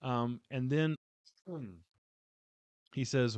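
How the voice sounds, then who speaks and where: A man with a fairly low voice talks through a casual book review in a heartfelt, rambling way, full of fillers and false starts. The sound is close and dry, with no room echo. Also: normal speed, highs cut off.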